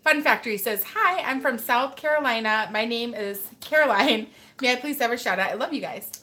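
A woman's voice: fairly high pitch, animated, brisk, pushed and bright. A woman hosting a casual live stream as a mother, chatting and reading viewer comments while scolding her child. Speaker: host and mother.

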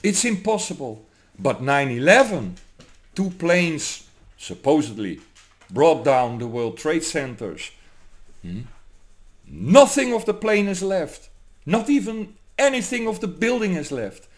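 A man from Germany, delivering an angry, profane political rant to camera, swinging between loud outbursts and low, menacing muttering. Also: very animated, takes it slowly. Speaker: vlogger.

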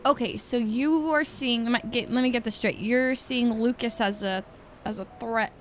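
A woman's voice: on the high side, normal speed, slight background noise. A woman streamer talking in character during a roleplay game, playful and teasing, laughing often.

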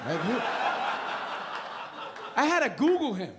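A young man tells crude, self-mocking stories in a stand-up set, his voice sitting high. The club recording carries clear audience noise behind him. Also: huge pitch swings, moderate pace, pauses often. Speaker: stand-up comedian. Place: comedy club stage.

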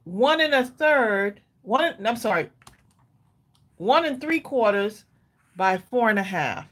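A woman's voice: a little high, lively intonation, slow, fairly bright tone. A woman hosting a live crafting tutorial, chatty and laughing as she talks straight to her viewers. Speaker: craft livestream host.

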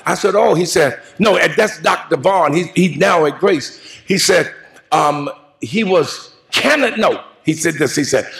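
A man preaching a funeral eulogy in a call-and-response style, moving into shouts and half-sung lines. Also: fairly high pitch, expressive, measured pace, vocal fry. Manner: preaching cadence, rising to shouts and sung phrases. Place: large church sanctuary.

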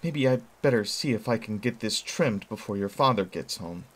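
A man's voice: on the low side, expressive, normal speed. A man voicing a practical middle-aged mother with a light, amused manner. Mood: gentle.

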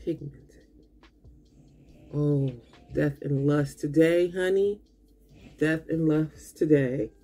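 A woman vlogging a makeup unboxing who gushes and talks straight to her viewers, tired and low on energy. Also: fairly even intonation, slow, long pauses, warm tone, soft background music. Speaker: beauty vlogger. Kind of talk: casual unboxing chat.

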